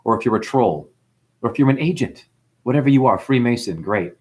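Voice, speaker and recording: A man's voice: medium pitch, expressive, a little fast, a little mellow. A man with a New Zealand accent hosting a livestream, rambling and preachy as he reads out chat messages. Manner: rambling, preachy, calls listeners honey. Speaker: livestream host. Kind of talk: livestream monologue reading chat.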